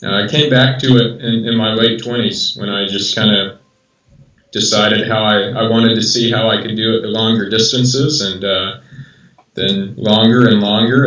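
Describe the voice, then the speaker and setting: An American man in his thirties, a guest in a casual interview, talking haltingly with many restarts. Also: lowish voice, steady tone, fairly bright tone, echoey room, far from the mic, muffled recording. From rural southern United States.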